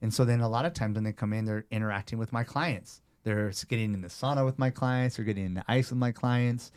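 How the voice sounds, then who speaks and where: A man in his thirties, a personal trainer and guest, telling stories in a casual, animated way. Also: on the low side, fast, clean tone. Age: 30s. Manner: animated, conversational storyteller. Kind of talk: casual storytelling interview.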